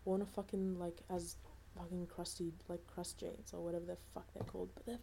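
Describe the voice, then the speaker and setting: A laid-back young woman co-hosting a podcast, swearing freely as she chats. Her voice is low and dark in tone, with a faint hum of noise in the background. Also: flat delivery, fairly quick, gravelly. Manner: laid-back, swears a lot, many fillers. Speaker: podcast co-host. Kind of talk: casual chat.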